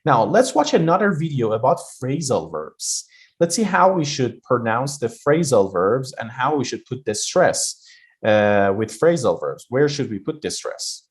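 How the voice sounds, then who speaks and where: A male pronunciation teacher talks learners through a lesson. He stresses words harder than he would in normal speech so the pattern is clear, and pauses often with fillers. His voice sits at an ordinary pitch for a man. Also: very animated. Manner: exaggerates word stress on purpose, with many fillers. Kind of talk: explaining a lesson.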